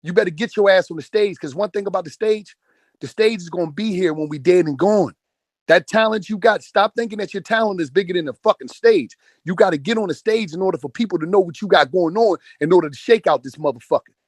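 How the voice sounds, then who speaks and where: Man in his forties, rapid and raised, preaching hustle with relentless profanity. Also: high-pitched, no room sound, clean studio sound. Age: 40s. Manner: profane, emphatic, repeats phrases for emphasis. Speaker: speaker in an online audio chat room. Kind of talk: motivational rant.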